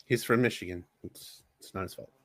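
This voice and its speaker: A man mimicking a dull, deep-voiced male wrestling announcer in a slow, low, droning mock voice. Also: no echo.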